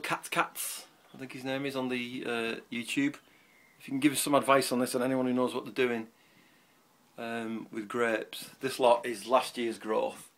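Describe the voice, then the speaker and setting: A man giving a chatty, rambling, self-mocking tour of his allotment, recorded outdoors on a camera mic. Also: mid-range voice. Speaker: allotment vlogger. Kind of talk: casual garden tour.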